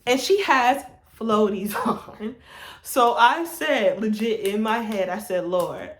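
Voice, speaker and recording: Lively young woman telling a story. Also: fairly high pitch, slow pace. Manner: animated, laughing storyteller. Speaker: vlogger. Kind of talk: casual storytime. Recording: roomy echo.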